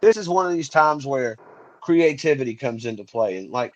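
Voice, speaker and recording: A man co-hosting a casual podcast, talking in halting bursts with frequent restarts. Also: medium pitch, expressive. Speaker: podcast co-host. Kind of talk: casual chat. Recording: dull lo-fi sound.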